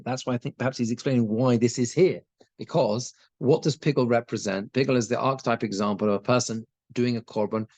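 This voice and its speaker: A man's voice: mid-range voice, a little mellow, no echo. Rabbi guy teaching torah to a small group, reads hebrew then explains it, lots of restarts, dry close sound. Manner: translates Hebrew phrases as he goes, many restarts. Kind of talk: conversational Torah class.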